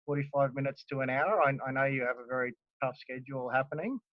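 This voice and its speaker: A Queensland Australian man in his forties hosting a relaxed interview from his backyard, chatty with lots of fillers and laughs. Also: mid-range voice, fast talker, no room sound, dull audio. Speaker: host. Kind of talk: casual interview chat. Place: backyard, outdoors.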